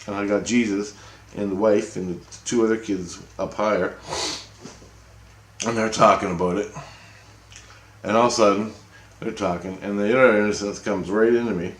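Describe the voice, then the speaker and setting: A man's voice: on the low side, steady tone, moderate pace, pauses often, a little hiss or hum. A man telling a long, rambling story in casual, profane speech, often checking in with "right?". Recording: roomy echo.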